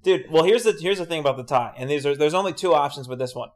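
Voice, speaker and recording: A man's voice: on the high side, quick pace. A man co-hosting a podcast, rambling through a crude story in casual chat, full of fillers. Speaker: podcast co-host.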